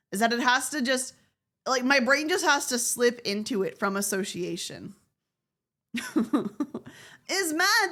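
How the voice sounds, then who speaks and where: Lively, profane woman streamer. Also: on the high side. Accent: general American. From Southern United States. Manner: profane, joking, laughs often. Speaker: VTuber streamer. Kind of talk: casual live-stream chat with viewers.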